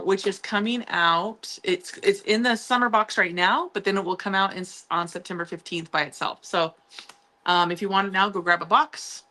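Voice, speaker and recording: A chatty, upbeat woman talks her viewers through a sewing project in a relaxed live stream. Her voice sits at a middle pitch, and she fills her talk with casual ums and playful little asides. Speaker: sewing channel host.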